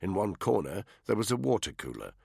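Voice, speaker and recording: A man narrating a thriller audiobook in a measured, expressive way. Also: on the low side, gravelly, breathy edge, dry recording, clean studio sound. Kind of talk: scripted narration.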